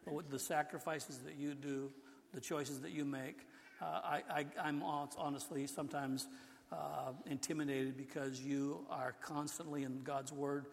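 A man's voice: a little high, little pitch movement, moderate pace, gravelly. An older man preaching a sermon in a church, talking in a conversational way, often restarting his sentences. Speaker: pastor. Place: church sanctuary. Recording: long hall reverb.

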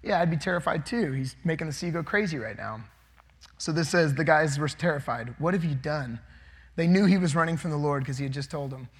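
A young man preaching a casual sermon, reading scripture and acting out the characters in an animated way. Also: a little high, brisk, slightly rough. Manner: animated, acts out the figures. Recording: long reverb of a hall.

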